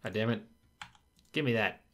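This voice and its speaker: A man's voice: fairly low pitch, normal speed, a bit bright. A man narrating his own gameplay, frustrated and swearing as he talks to himself. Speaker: gaming video creator. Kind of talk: gameplay commentary.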